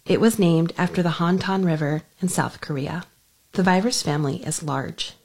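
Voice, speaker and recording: Female radio reporter, low gravelly read, slightly husky. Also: normal speed. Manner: even, scripted delivery. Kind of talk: scripted news narration.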